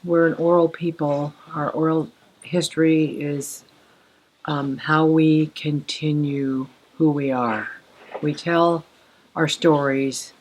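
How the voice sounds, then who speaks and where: An older woman from Alaska, telling her story in an interview, thoughtful and unhurried with pauses. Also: sits low, a little mellow, slight background noise. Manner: slow, thoughtful, with pauses and fillers. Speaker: interviewee sharing heritage.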